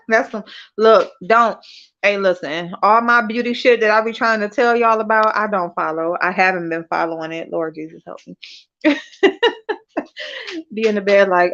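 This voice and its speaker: A woman's voice: fairly high pitch, measured pace, pauses often, a bit bright. Blunt, profane woman on a lo-fi stream. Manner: blunt, profane, talks straight to chat. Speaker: livestream host. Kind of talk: casual livestream chat with viewers. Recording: dull lo-fi livestream audio.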